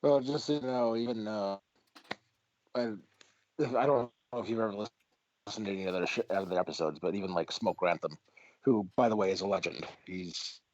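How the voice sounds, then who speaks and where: A man's voice: fairly low pitch, brisk, a little mellow, slight background noise. Easygoing man hosting a podcast, lo-fi. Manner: easygoing, laughs along, casual swearing. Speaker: podcast host. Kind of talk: casual chat. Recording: dull lo-fi sound.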